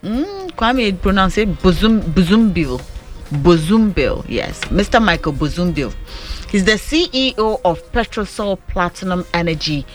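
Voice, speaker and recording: A man with a Ghanaian accent hosting a morning radio show, chatty and giving shout-outs. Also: high-pitched, big pitch swings, normal speed, faint music behind. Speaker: radio host.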